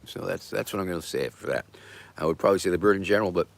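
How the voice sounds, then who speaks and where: Hosting a relaxed livestream, a middle-aged man fields viewer questions haltingly, rambling with lots of fillers and playful jokes. His voice is low-pitched and creaky, with a little hiss or hum in the audio.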